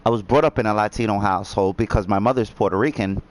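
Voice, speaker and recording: A man from New Jersey chatting casually while gaming, talking in halting starts with many fillers and restarts. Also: lowish voice. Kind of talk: casual chat.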